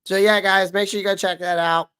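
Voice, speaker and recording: A man hosting a fan livestream about his football team, hoarse from losing his voice, talking bluntly and repeating his points. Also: high voice, little pitch movement, fairly quick, bright, forceful tone. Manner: blunt, emphatic, repeats himself. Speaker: sports fan show host. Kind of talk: livestream sports rant.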